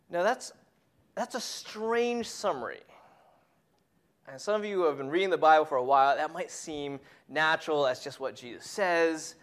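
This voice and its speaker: A preacher giving a sermon who tells a family story and drops to a hushed whisper on key points. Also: medium pitch.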